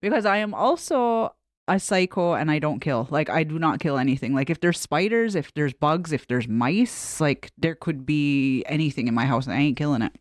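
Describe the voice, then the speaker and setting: A woman's voice: low voice, expressive, normal speed, dry recording, studio quality. A woman co-hosting a podcast, telling a story in casual chat with plenty of swearing and laughter. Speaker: podcast co-host.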